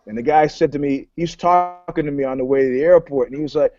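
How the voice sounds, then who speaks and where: Panelist, male, a bit high-pitched, wry storyteller; dry, dull lo-fi recording. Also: faint music behind. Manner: animated, wry, quick to joke. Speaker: podcast panelist. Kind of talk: casual chat, storytelling.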